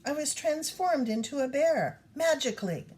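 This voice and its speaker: A woman's voice: high-pitched, animated, moderate pace, pitched above the performer's own voice. A woman voicing a hotheaded young man turned into a bear, speaking in an insistent, raised voice for a storybook. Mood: indignant. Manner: shouting, insistent.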